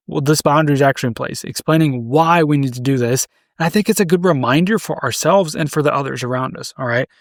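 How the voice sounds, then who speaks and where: A man's voice: fairly high pitch, no room sound, studio quality. A man in his thirties hosting a podcast alone, talking in a loose, conversational way, often checking in with "right?" and restarting phrases. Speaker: podcast host. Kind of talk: solo podcast monologue.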